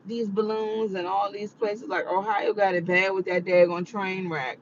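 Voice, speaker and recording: A woman's voice: mid-range voice, flat delivery, moderate pace, hardly any pauses, highs cut off. A tired woman vlogging to her viewers in a rambling, chatty monologue. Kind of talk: casual monologue.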